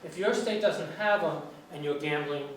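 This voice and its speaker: An older man with a New York accent, a guest lecturer answering student questions in a relaxed, rambling way with fillers and restarts. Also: a little high, moderate pace. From New York City. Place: large lecture room. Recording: echoey room, far mic, faint noise.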